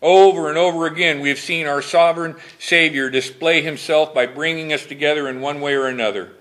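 Man, preacher, Bible study sermon, reads scripture then chats about it, questions the congregation, bright tense voice. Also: fairly high pitch, fairly even intonation, brisk.

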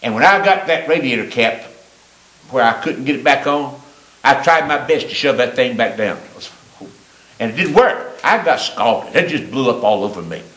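An older man preaching a sermon in a church, his emphasis swinging from loud rising lines to low quiet asides. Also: animated, moderate pace, roomy sound, rough recording. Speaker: pastor. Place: church sanctuary.

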